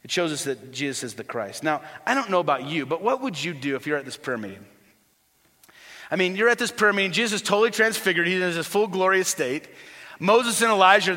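A man preaching a sermon as a pastor. He is animated and sometimes drops to a soft hush. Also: on the high side. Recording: long hall reverb.

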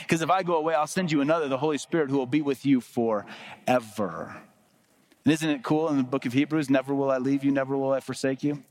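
A man's voice: on the high side, dry recording. A middle-aged man preaching a sermon as pastor, emphatic and calling on the congregation to repeat phrases after him.

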